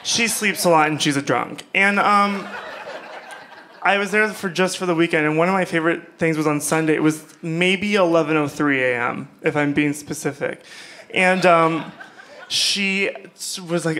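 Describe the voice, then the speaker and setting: A man's voice: fairly high pitch, moderate pace, pushed and bright, slight background noise. A young man from Iowa performing a stand-up comedy set, rambling and sarcastic, with lots of fillers. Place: small comedy club stage.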